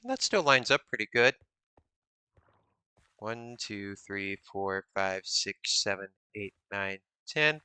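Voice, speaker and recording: A man's voice: fairly low pitch, slow pace, sharp tone, clear, resonant tone, no room sound. A man streaming a building game, counting blocks under his breath, reading chat aloud and teasing viewers with mock suspicion. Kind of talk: casual live-stream chat while playing.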